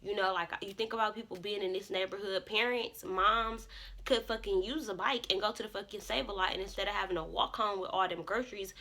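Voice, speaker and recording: A young woman telling a casual storytime on her vlog. She talks in a bright, forceful way, full of curses. She bursts into loud, lively bits of her own self-talk. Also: medium pitch, a little fast. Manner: animated, profane, swings into loud self-talk. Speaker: vlogger.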